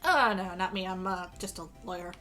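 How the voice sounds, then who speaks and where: A woman's voice: fairly low pitch, brisk, sharp tone, soft background music. A woman streaming a game, reading the dialogue aloud with joking, crude asides and a strained voice.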